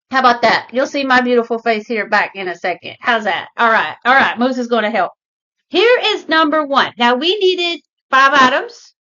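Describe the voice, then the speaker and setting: A woman hosting her craft channel, chatting excitedly and gushing as she opens a mystery box. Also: high-pitched, highs cut off. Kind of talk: casual unboxing vlog.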